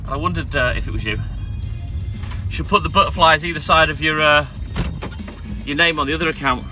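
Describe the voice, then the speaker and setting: A man's voice: on the high side, normal speed, bright, forceful tone, soft background music, rough recording. A man, a milkman chatting casually on a live stream, greeting viewers by name and swearing freely from his delivery van. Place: delivery van on a milk round.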